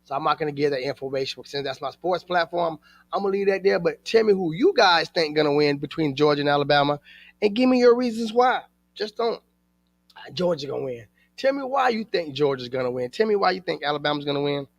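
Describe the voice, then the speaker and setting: A man with a fairly high-pitched voice talks casually to camera, rambling from one thought to the next and calling his viewers "guys." He sounds like a relaxed vlogger speaking off the cuff. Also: fast, gravelly, no echo, poor audio. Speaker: channel host.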